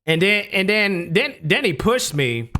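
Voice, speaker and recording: Young man, high voice, very animated, casual storytime, emphatic, profane. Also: a little slow, background noise. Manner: emphatic, profane, repeats himself. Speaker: storytelling YouTuber.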